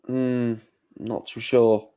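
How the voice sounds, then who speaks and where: A man's voice: medium pitch, level tone, extremely slow, warm tone. Rambling man streaming live. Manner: rambling, thinking aloud with fillers. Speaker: darts live stream host. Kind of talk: casual live stream commentary.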